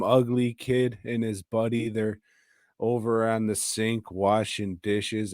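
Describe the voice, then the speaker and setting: A man's voice: on the low side, a little mellow, dry recording, studio quality. A middle-aged man, tipsy from drinking, hosting a podcast and giving a casual, profane, rambling episode review. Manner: profane, rambling, laughing at his own jokes.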